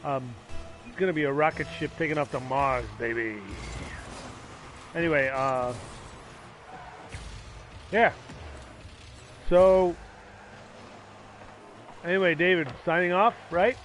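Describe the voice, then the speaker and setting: Excitable man streaming a game. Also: a little high, slow, long pauses, soft background music. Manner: excitable, yells hype at the game; joking, self-mocking. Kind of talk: casual gaming stream commentary.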